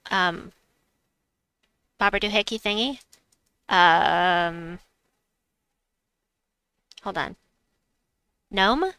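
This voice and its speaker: A woman's voice: medium pitch, bright, forceful tone, smooth, no room sound. A middle-aged woman hosting a game live stream, chatting casually, reading chat aloud and laughing at herself. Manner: chatty, giggly, self-mocking. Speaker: livestream gamer host.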